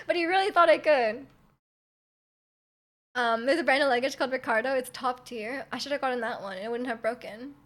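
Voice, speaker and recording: High-voiced rambling young Canadian woman. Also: fairly quick, fairly bright tone. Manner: rambling, many likes and ums, giggly. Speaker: streamer. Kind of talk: casual chat.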